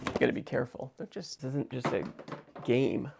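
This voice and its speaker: Gravelly sarcastic man chatting while drawing. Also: mid-range voice, fairly quick, background noise. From United States. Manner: sarcastic, jokey, talks to himself. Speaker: visual artist. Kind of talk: stream-of-consciousness drawing vlog.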